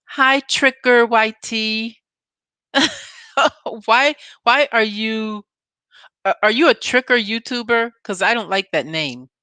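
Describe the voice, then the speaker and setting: A woman's voice: a little high, slow, bright, forceful tone, clean tone, no echo. A woman YouTube reviewer chatting casually through a recap of a TV episode. She talks straight to her viewers and wanders off on side notes before coming back. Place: home recording setup with green screen.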